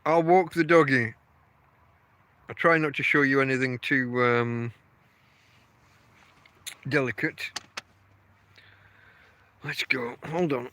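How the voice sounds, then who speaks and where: A man's voice: mid-range voice, steady tone, slow pace, pauses often, sharp tone, slight background noise. An English man hosting a casual live stream while walking his dog outside at night, rambling and chatting to his dog between thoughts. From England. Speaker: podcast host.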